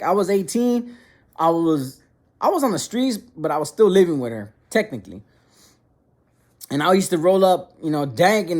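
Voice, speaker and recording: A young man telling a funny personal story in casual slang, repeating words and restarting sentences as he goes. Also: on the high side.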